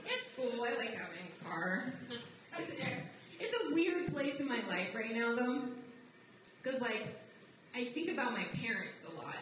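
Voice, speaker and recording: A young woman from abroad performing live stand-up comedy, wry and conversational, jumping into high mocking voices when she quotes people. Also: very animated, unhurried. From outside the United States. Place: live comedy venue with audience. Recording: roomy live recording from a distance, noisy.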